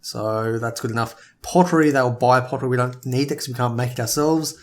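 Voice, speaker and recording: A man's voice: mid-range voice, fairly quick. Aussie bloke narrating his city builder game, rambly, stumbles over words a bit. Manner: thinks aloud, trips over his words. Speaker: let's play gamer. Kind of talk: casual gameplay commentary.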